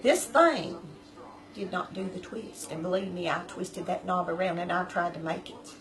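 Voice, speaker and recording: A woman telling a story in a folksy, chatty, animated way to her viewers. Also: lowish voice, moderate pace, rough recording. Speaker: vlogger. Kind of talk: casual storytelling.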